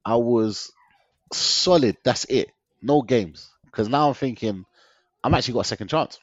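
A man's voice: medium pitch, moderate pace, no echo. Slangy man telling his story. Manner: slangy, laughing often, animated retelling. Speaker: guest. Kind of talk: casual storytelling interview. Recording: dull lo-fi dry sound.

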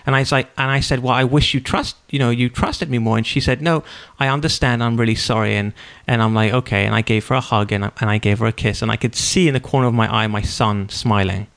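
A man in his thirties hosting a podcast, telling a personal story in a casual, animated way and acting out the quotes. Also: mid-range voice, quick pace, vocal fry, hardly any pauses. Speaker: podcast host.

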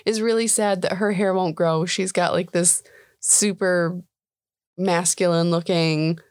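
Chatty podcast lady, lowish voice, dry close sound, says like a lot. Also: steady tone, measured pace, darkish tone, dry recording. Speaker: podcast co-host. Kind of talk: casual chat.

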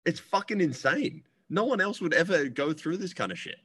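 A man, chatting casually as a podcast co-host, telling animated stories and swearing freely. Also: on the high side, moderate pace, breathy edge. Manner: animated storyteller who swears freely and acts out other people. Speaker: comedian co-host.

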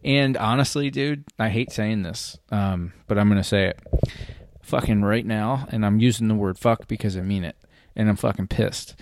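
A man's voice: fairly low pitch, moderate pace, no room sound. A man hosting a casual talk show, talking animatedly and frankly and swearing freely. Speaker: podcast host. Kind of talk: casual hunting gear chat.

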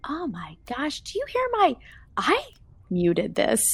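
A woman's voice: fairly high pitch, takes it slowly, gravelly, husky, no echo. A woman co-hosting a podcast, chatting casually about a movie and acting out quotes. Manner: animated, acts out quotes, chatty. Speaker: podcast co-host.

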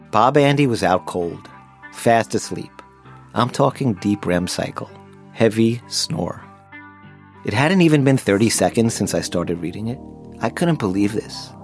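A man narrating his own memoir in the first person, wry and self-deprecating. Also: fairly low pitch.

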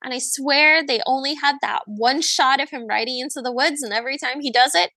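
A woman's voice: sits high, brisk, no echo. A young woman co-hosting a podcast, chatting casually and animatedly, acting out lines from a film as she recaps it. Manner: animated, acts out quoted lines. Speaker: podcast co-host.

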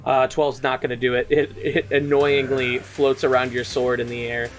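A man's voice: medium pitch, level tone, moderate pace, faint music behind. A man narrating a tabletop game as game master, casual and laughing, swearing freely.

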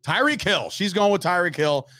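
A man's voice: sits high, expressive, bright, forceful tone, no echo. A man hosting a sports talk show, joking and teasing his co-hosts in a studio. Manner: brash, joking, quick to tease. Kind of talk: casual sports radio chat.

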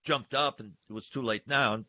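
Animated male host with a bright, forceful voice. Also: medium pitch, fairly quick, dry recording. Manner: animated storyteller, addresses listeners as folks. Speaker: podcast host. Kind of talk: casual podcast conversation. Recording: dull lo-fi sound, dry.

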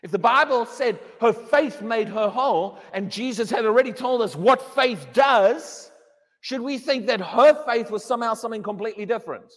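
A man's voice: normal speed, fairly bright tone. A man preaching a sermon in a church, emphatic and given to repeating his words. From England. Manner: emphatic, repeats words, mocks a wailing believer in a high voice. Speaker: pastor. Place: church hall. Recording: long hall reverb.

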